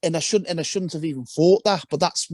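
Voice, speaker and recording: A talkative man tells his story in a loose, rambling way, often restarting his sentences. His voice sits fairly high for a man, and the recording is close and dry, with no room sound. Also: fast talker, darkish tone, no echo. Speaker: podcast guest, former footballer. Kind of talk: casual podcast conversation.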